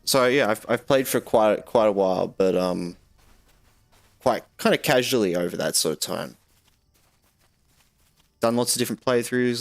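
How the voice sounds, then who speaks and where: A man's voice: medium pitch, creaky, no room sound. Laid-back man streaming a game. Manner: relaxed, rambling, with fillers, answers chat. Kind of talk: casual live-stream chat while playing.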